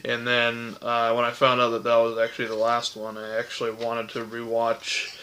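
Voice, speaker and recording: A man's voice: medium pitch, monotone, moderate pace, bright, forceful tone. A young man casually ranking horror films, rambling with lots of fillers and self-corrections, voice cracking from hiccups. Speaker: movie reviewer.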